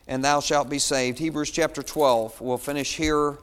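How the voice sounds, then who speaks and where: A man's voice: a little high, steady tone, normal speed, a bit bright, clean tone, long reverb tail. A man preaching a sermon as pastor, pleading and building in intensity. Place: church.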